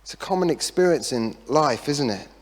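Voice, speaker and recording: A middle-aged man preaching a sermon as a pastor, telling a story in a chatty way with self-deprecating jokes and lively asides. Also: fairly high pitch, normal speed. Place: church hall. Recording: long reverb of a church hall.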